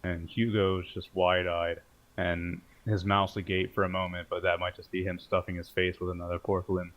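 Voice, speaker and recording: A man's voice: sits low, little pitch movement, normal speed, muffled recording. A man narrating a tabletop game as game master, casual and storytelling with jokes.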